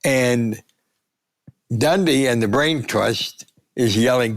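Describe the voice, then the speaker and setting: A man in his nineties, a guest sportswriter, telling animated anecdotes and acting out the voices of people he quotes. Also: medium pitch, moderate pace, creaky. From United States. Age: 90s. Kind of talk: storytelling interview.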